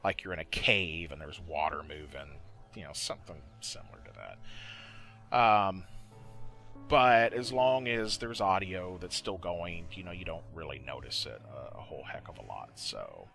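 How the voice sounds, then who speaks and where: Male gaming creator, deep voice, bright tone, lively swings in pitch, loose and profane, faint music underneath. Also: moderate pace, creaky. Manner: rambling, profane, frequent fillers and self-corrections. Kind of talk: casual voice-over commentary. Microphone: desktop mic, voice-over recording.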